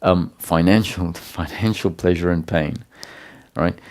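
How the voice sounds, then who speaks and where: A man giving a satsang talk as a spiritual teacher, explaining calmly with pauses and restarts. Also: sits low.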